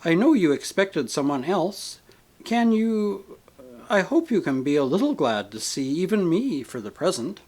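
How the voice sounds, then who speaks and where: A man voicing a gentle, patient male spirit who speaks calmly and kindly, reasoning with a grieving soul in an audiobook. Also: sits high, measured pace, heavily acted. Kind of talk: audiobook character reading.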